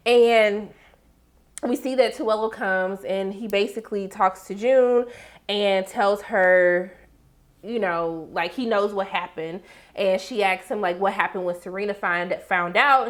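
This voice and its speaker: A woman's voice: mid-range voice, measured pace. A young woman giving a casual, sassy recap of a TV episode, talking back to the characters as she goes. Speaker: TV recap reviewer.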